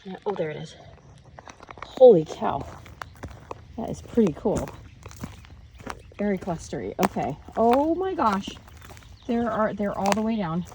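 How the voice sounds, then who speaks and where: A woman flower farmer walking her field with a handheld camera, thinking aloud and bursting into high excited exclamations. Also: measured pace, long pauses, noisy background. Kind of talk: walk-through farm vlog. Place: outdoors on a flower farm field. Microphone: handheld camera carried while walking.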